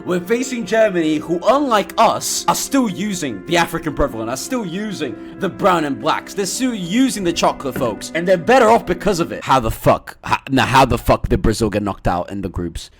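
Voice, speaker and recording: A young man commentating on a football game, excitable and profane, with stuttered restarts and shouted outbursts. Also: on the high side, normal speed, few pauses, soft background music. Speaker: gaming streamer.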